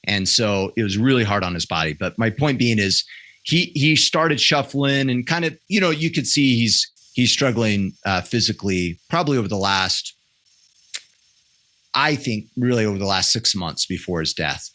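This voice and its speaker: Telling a personal story as a podcast guest, a man in his thirties speaks candidly and earnestly, often restarting and correcting his sentences in this conversational interview. His slightly low voice has a bright, forward edge and is expressive at a moderate pace. The sound is close and dry, with no room around it.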